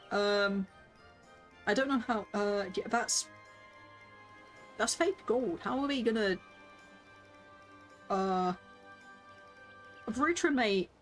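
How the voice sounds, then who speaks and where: A woman streaming a game, chatting playfully with viewers and reading character lines aloud with lots of laughter. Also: mid-range voice.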